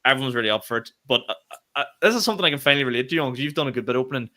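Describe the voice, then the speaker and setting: A young Northern Irish man and comedian co-hosting a podcast, telling stories in casual chat with quick swearing asides. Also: medium pitch, bright, forceful tone. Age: young adult. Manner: quick storytelling with swearing and fillers.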